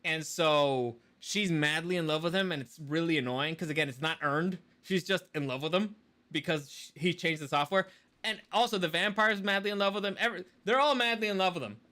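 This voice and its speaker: A podcast co-host rants through a casual chat, swearing freely and sounding fired up as he picks things apart. His high voice has a bright, forceful edge, and he talks briskly.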